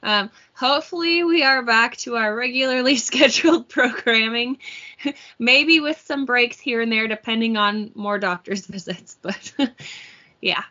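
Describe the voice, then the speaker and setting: Giggly woman with a bright, dull-toned voice. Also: fairly high pitch, unhurried. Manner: laughs often, easygoing. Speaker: podcast co-host. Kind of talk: casual chat.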